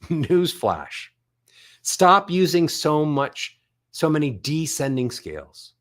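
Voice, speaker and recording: A middle-aged man, a voice coach, giving an animated motivational talk and swinging his voice up and down to show melody. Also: a little high, slow. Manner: animated, demonstrates voice melodies by singing up and down. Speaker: voice coach and author.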